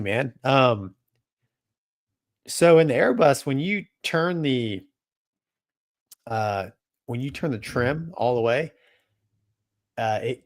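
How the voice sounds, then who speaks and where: A relaxed, joking male co-host with a middle-pitched voice, recorded dry and close. He chats casually about flying and breaks into easy laughter. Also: no room sound. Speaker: co-host, former fighter and airline pilot. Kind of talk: casual aviation chat.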